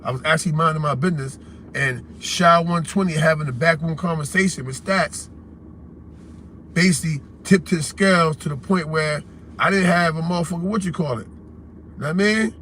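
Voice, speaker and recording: New york guy ranting on his call-in stream, high bright voice, blunt street talk. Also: normal speed, slight background noise. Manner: blunt, confrontational, streetwise slang. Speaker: host of a call-in livestream. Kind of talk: heated casual livestream rant.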